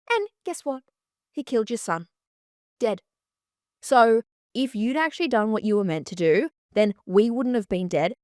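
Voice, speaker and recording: A woman's voice: lowish voice, no echo, clean studio sound. A woman putting on a furious queen who scolds her dead lover in sassy, profane outbursts.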